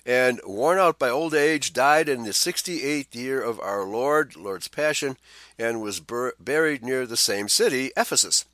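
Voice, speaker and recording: A man's voice: medium pitch, expressive, unhurried, fairly bright tone, dry recording. A man co-hosting a Bible study talk, reading a historical text aloud and adding his own remarks, with frequent "uh" fillers. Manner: reads passages with side remarks and frequent "uh" fillers. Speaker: co-host of a Bible study show.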